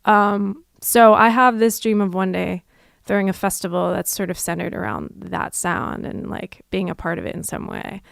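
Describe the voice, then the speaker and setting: A young adult woman, a musician, chatting casually and reflectively on a livestream, with frequent fillers and soft laughs. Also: medium pitch, fairly even intonation, moderate pace, gravelly, no room sound, studio quality.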